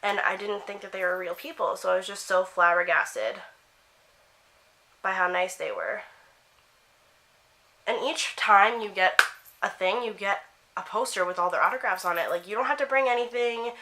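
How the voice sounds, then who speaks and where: Bright, gushing young woman vlogger. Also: medium pitch, normal speed, pauses often. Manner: gushing, excitable storytelling. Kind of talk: casual chat. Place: at home doing makeup.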